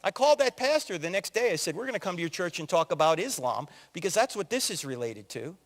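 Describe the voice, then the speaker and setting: A man in his sixties from New Jersey giving an animated, joking story-driven talk as a conference speaker, acting out quotes in other voices. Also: high voice, fast talker. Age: 60s. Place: large hall with audience. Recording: long hall reverb.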